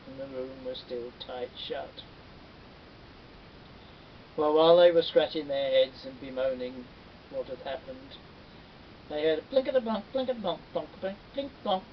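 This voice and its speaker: A man telling a folktale with lively, animated narration. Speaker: storyteller. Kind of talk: folktale storytelling. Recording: dull distant recording with faint rumble.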